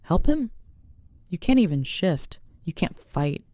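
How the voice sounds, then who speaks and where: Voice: mid-range voice, big pitch swings, slow pace, warm tone, no room sound, studio quality, voice pushed up. A narrator voicing a vicious, scornful female werewolf rival in a storybook reading, with a mocking, contemptuous delivery.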